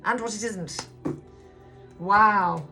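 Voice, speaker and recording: A woman's voice: medium pitch, very slow, bright, forceful tone. A woman giving a casual tarot reading, talking bluntly, swearing freely and rambling on. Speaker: tarot reader. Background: background music.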